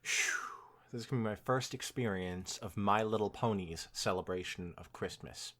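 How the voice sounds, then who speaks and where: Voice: low voice, normal speed, fairly bright tone. A podcast co-host chatting playfully and giggling with the other host during a fan fiction reading. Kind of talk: casual chat.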